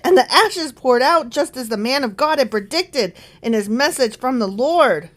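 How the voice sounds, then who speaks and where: Female co-host, fairly high voice, casual, jokey reader. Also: lively intonation, normal speed. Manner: joking, swears, laughs while reading. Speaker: podcast co-host. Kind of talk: casual Bible-study chat.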